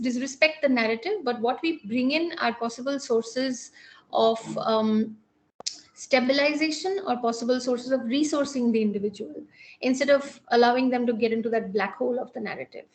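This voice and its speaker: A clinical psychologist with an Indian English accent delivers a measured academic lecture on psychotherapy, pausing often and restarting sentences. Her voice runs on the high side, with a little hiss or hum in the recording.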